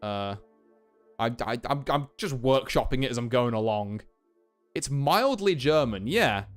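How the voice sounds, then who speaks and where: A man's voice: medium pitch, expressive, measured pace, faint music behind. A young man streaming a game, chatting casually with self-mocking, swearing asides. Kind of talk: casual chat while gaming.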